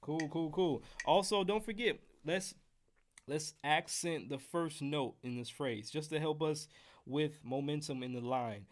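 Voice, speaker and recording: A man's voice: a little high, a little slow. An American man teaching trumpet scales on a live stream, casual and joking with the chat. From United States. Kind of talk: live-streamed music lesson.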